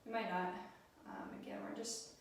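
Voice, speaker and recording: Soft-spoken lady talking people thru a yoga flow, lots of um, big echoey room. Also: mid-range voice, fairly even intonation, moderate pace, a little hiss or hum. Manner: gentle and encouraging, frequent ums. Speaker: yoga instructor. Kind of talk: guided yoga class instruction. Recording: roomy echo, mic set at a distance.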